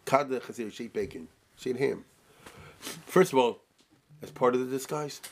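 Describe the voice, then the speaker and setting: Male Torah teacher, informal class, animated, keeps checking in with rhetorical questions. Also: mid-range voice, moderate pace.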